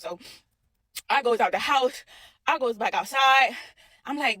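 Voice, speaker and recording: A young woman telling a dramatic personal story in a casual, animated way, repeating herself and talking straight to viewers. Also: a little high, a little fast, no room sound.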